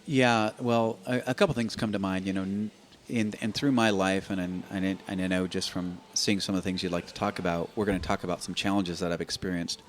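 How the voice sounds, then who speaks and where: A man in his fifties with a low, deep voice tells stories on a podcast. He talks in an animated, rambling way, stacking up repeated words as he gathers his thoughts. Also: fairly quick, slight background noise. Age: 50s. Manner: animated, repeats words and restarts while thinking. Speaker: podcast guest. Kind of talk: conversational storytelling. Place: open-air bike and coffee shop in a garage.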